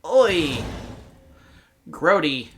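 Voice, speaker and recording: A woman's voice: deep voice, big pitch swings, extremely slow, slight background noise. A woman hosting a casual let's-play, chatting and joking with frequent giggles. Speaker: game player host.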